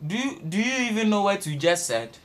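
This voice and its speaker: A man's voice: sits high, very animated, a little fast, pitched above the performer's own voice. A man putting on a stern male schoolteacher who questions a pupil in a scolding way. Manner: scolding interrogation.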